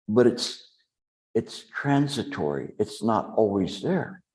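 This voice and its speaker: A man giving a dharma talk as a meditation teacher to a live group, speaking slowly and deliberately with long pauses. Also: fairly low pitch, warm tone.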